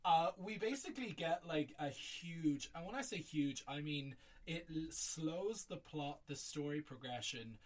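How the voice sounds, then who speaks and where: A man's voice: a little high, lively intonation, measured pace, hardly any pauses, far from the mic. A man co-hosting a podcast, rambling in casual film chat, swearing and laughing often. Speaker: podcast co-host.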